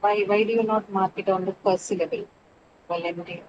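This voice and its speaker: A woman's voice: mid-range voice, fairly even intonation, brisk, dull audio, background noise. Woman teacher explaining word stress. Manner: explains step by step, spells out letters, asks students questions. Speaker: English teacher. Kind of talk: online class lesson on word stress.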